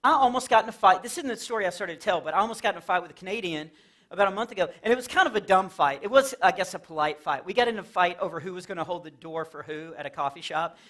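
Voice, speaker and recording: A man's voice sits high, with a fast pace and a fairly bright tone. Playing to a live crowd in a church fellowship hall, this Texas comic keeps his set chatty and playful, jumping into silly character voices.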